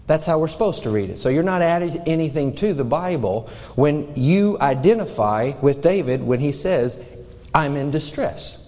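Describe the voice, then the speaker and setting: Male pastor, earnest sermon delivery with a mellow tone, church hall reverb. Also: fairly high pitch. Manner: earnest, questioning the congregation directly. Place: church sanctuary.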